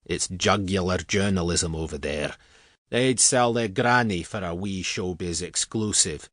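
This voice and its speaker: A man voicing a gruff older male newspaper editor with an exaggerated Scottish accent, blunt and folksy. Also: low voice, unhurried, fairly bright tone, dry recording, clean studio sound. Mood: gruff warning.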